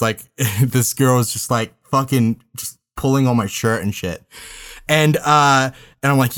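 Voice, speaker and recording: Rambling young man telling a story. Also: mid-range voice. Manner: rambling, halting, many fillers and restarts. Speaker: podcast regular. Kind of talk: casual storytelling among friends.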